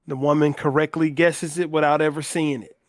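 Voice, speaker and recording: A man's voice: on the high side, flat delivery. A man hosting a book club podcast, retelling a novel's scenes in a casual, conversational way and reading the characters' lines in his own voice. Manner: slow, conversational retelling with quoted dialogue read in plain voice.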